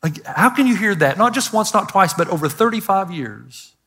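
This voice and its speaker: An older man, a pastor, preaching a sermon to a congregation, telling stories and driving his points home with loud emphatic lines and quiet asides. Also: sits high, lively intonation, moderate pace, slightly rough. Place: church auditorium. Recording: live sermon in a large hall with long reverb.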